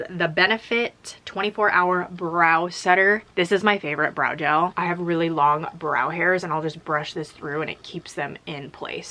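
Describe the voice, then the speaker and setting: A young adult woman chatting casually to camera as a beauty vlogger, running quickly and cheerfully through products she recommends. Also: on the low side, sharp tone. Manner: quick, upbeat, gushing recommendations. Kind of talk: casual product review chat.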